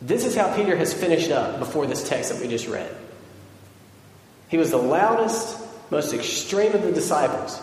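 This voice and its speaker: A man's voice: a little high, big pitch swings, moderate pace, darkish tone, a little hiss or hum. A man preaching a sermon in a casual, joking storytelling manner. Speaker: pastor. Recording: echoey hall with long reverb.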